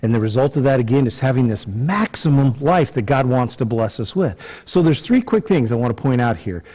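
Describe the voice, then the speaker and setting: With a dark, slightly breathy mid-range voice, a man delivers an animated sermon at a fairly quick pace. The pastor speaks conversationally, repeating words and leaning on fillers, and he acts out little scenes loudly.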